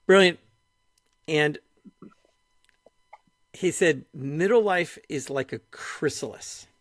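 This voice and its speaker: A middle-aged man hosts a casual podcast conversation, his voice sitting a little high for a man. He tells stories with animation, acting out other people's lines and scattering "like" as he goes. The recording is close and dry. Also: slow pace, no echo. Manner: animated storyteller, retells dialogue, frequent "like". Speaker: podcast host.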